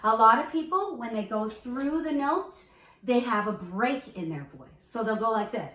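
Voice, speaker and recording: This vocal coach speaks at a moderate pace in a slightly high, somewhat bright, expressive voice. She's giving a beginner a singing lesson, offering encouragement and modeling sounds over a faint keyboard. The mic sits far from her in a room full of echo.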